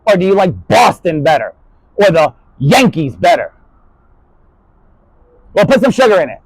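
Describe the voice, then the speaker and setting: A man talking in a rambling spoken-word monologue, jumping between topics and swearing, his voice rising and falling in loudness. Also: high voice, sing-song, moderate pace, husky, no echo, poor audio.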